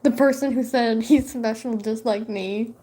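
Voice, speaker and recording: Casual woman vlogger, talks to camera at home, swears and teases her cat, a touch high. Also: fairly even intonation, measured pace, warm tone. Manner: profane, teasing talk to her cat.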